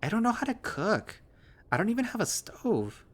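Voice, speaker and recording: A dopey, childish young woman, snooty on top but silly underneath, as a man puts her on. Her voice sits much higher than an everyday male voice and leans whiny. She comes from a spoken visual novel reading. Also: huge pitch swings, moderate pace, full character voice. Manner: snooty flair.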